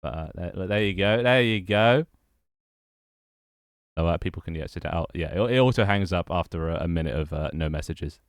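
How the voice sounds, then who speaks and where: A man's voice: deep voice, normal speed, clear, resonant tone, dry recording, clean studio sound. A young man chatting casually on a livestream, rambling and repeating his phrases as he greets viewers. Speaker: streamer and game developer.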